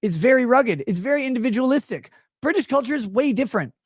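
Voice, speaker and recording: Man, American, show host, ranting commentary, sarcastic, swearing, lively swooping pitch, dry close sound. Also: fast talker, husky, no room sound. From United States. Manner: profane, sarcastic, mocking asides.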